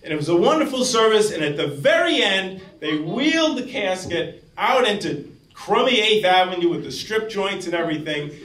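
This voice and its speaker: A middle-aged man with a New York accent tells a true story on stage, earnest and lively as he slips into the voices of the people he remembers. His voice sits fairly high. The sound comes from a distance in an echoey hall. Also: normal speed. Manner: earnest, acts out quoted voices. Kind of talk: live storytelling. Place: live event hall.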